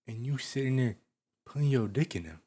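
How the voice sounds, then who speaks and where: A man hosting a reaction video, commenting loudly and profanely and scolding the person on screen. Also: medium pitch, animated, a little fast.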